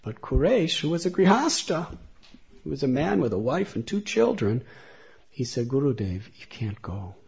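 A man's voice: a little high, very animated, normal speed, gravelly, a little mellow, husky. A man telling a devotional story as a speaker in a religious talk, in a dull lo-fi recording.

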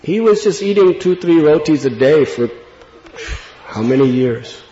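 A man telling a devotional story in an earnest, reflective way, laughing gently at times. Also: on the high side, expressive, measured pace. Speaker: spiritual speaker. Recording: dull lo-fi recording in an echoey hall with long reverb.

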